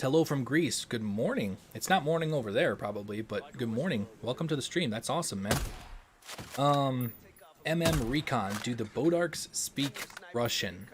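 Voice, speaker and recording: A young man hosting a gaming livestream, chatting casually and answering super chats with lots of ums and restarts. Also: medium pitch. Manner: relaxed, rambling, frequent ums and restarts.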